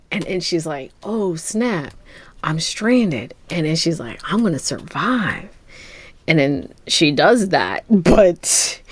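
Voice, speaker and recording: A woman's voice: lowish voice, no echo. A woman co-hosting a podcast, rambling playfully through movie picks and laughing often. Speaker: podcast co-host. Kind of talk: casual chat.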